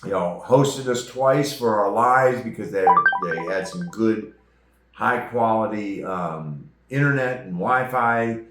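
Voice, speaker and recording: A man hosting a travel vlog, chatting casually about restaurants in a relaxed, rambling way. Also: on the low side, takes it slowly, echoey room, faint music behind. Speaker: host. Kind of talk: casual chat reviewing restaurants.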